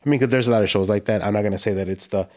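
Man, podcast guest, casual chat, laid-back, halting, lowish pitch. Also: darkish tone. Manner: laid-back, halting, calls people bro.

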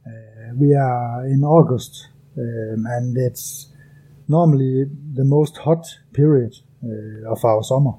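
A man's voice: mid-range voice, slow, warm tone, slightly rough. A man from Denmark with a Danish accent, speaking English as a second language as an interview guest, hesitant and careful with many fillers. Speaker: guest, bow hunter. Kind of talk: casual interview.

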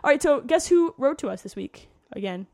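Giggly, slightly high-voiced woman. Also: animated, a little fast, a little mellow. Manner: giggly, swears freely. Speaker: podcast co-host. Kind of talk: casual chat, reading listener emails.

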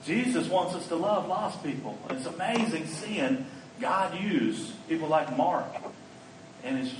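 A man giving a storytelling sermon as a conference speaker, animated and acting out the people in his stories. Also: a little high, measured pace. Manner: animated storyteller who acts out quoted lines. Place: conference hall. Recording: echoey hall, mic at a distance, faint background noise.

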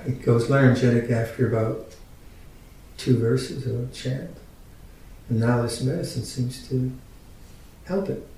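Older male teacher in his 60s, mellow tone, unhurried dharma talk, picked up from far off in a big echoey room. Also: steady tone, gravelly. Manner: unhurried, halting, gently humorous. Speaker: Buddhist teacher. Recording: very echoey room, mic at a distance, faint rumble.

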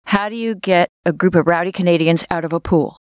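A woman's voice: fairly low pitch, brisk, no room sound, studio quality. A woman co-hosting a podcast in casual chat, teasing her partner and giving blunt opinions. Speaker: podcast co-host. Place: studio.

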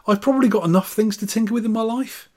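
A man's voice: high-pitched, quick pace, darkish tone. A man co-hosting a podcast, chatting playfully and teasing his friend. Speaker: podcast co-host. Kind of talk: casual chat.

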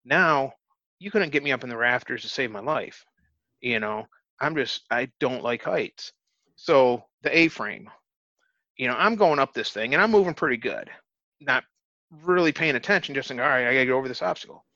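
Guy telling a story all earnest, keeps restarting his sentences, crisp tense voice, kinda muffled dry sound. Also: medium pitch, normal speed, no echo. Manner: earnest, animated storyteller who restarts phrases. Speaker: interview guest. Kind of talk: casual storytelling. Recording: dull, dry lo-fi recording.

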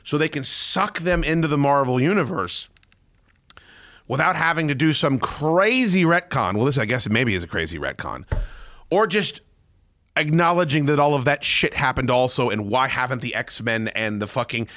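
Middle-aged podcast guy, swears a lot, gets super hyped and shouty, bright voice. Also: medium pitch, normal speed. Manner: excitable, profane, swings into loud shouting. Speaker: podcast host. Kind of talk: casual chat.

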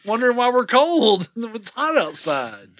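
A man co-hosting a casual chat, teasing his friend with quick jabs and frequent laughter. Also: very high voice, big pitch swings, fairly bright tone.

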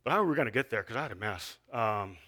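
Man, sermon, bright voice, earnest, conversational preaching with restarts. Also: on the low side, lively intonation, quick pace. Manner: earnest, with frequent fillers and restarts, reading scripture aloud. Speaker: lay preacher.

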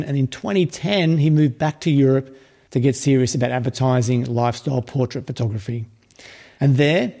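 A man's voice: a little high, warm tone. A man hosting a podcast, reading promos and a guest introduction in an upbeat way. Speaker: podcast host.

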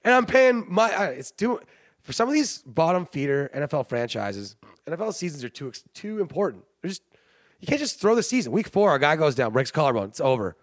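A man's voice: a little high, sing-song, a little fast, no echo, studio quality. A man hosting a sports show, rambling and joking in casual commentary, often laughing. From Canada. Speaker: sports podcast host.

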